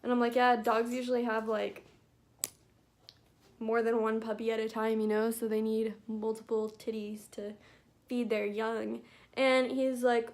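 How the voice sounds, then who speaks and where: A woman's voice: fairly high pitch, little pitch movement, a little slow. A young woman vlogging at home, chatting casually as she does her makeup and tells stories packed with "like" fillers. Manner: chatty storytelling full of "like" fillers. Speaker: beauty vlogger. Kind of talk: casual chat while doing makeup. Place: at home, not in her bathroom.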